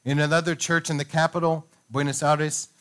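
A man with a fairly high voice preaches from the pulpit, reading a revival story and breaking off for playful asides to his congregation. He talks in an animated, storytelling way. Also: fairly quick. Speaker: pastor. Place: church.

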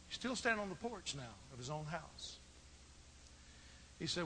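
A man preaching a sermon, retelling a story with dramatic, drawn-out delivery. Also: a little high, big pitch swings, pushed and bright, a little hiss or hum, rough recording. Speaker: pastor.

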